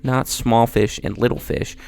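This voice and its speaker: A man's voice: medium pitch, steady tone, unhurried, darkish tone. A young man giving a profane, rambling comedic monologue with mock disbelief. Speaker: video creator.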